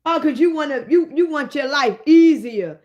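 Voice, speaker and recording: High-voiced woman on a profane rant. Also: moderate pace. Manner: profane, animated, addressing listeners directly. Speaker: host. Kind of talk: comedic rant.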